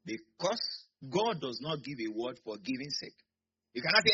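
A Nigerian pastor preaches to his church in a husky, bright, sharp voice that leaps up and down in pitch. He moves from murmured asides to loud bursts, and the recording sounds muffled. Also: very animated, normal speed. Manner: preaching with sudden shouts and acted asides. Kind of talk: sermon.

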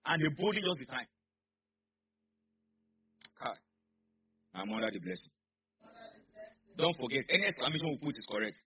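A man preaching a sermon as a pastor, animated and calling out to his congregation. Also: mid-range voice, normal speed, pauses often, breathy edge, highs cut off. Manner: animated, call-and-response preaching.

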